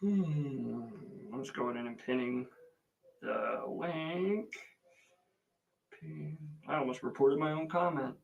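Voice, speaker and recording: On a muffled recording, a livestream host talks slowly in a creaky mid-range voice, leaving long pauses. He meanders through a family tale in casual live chat, saying hello to viewers by name and leaning on plenty of fillers.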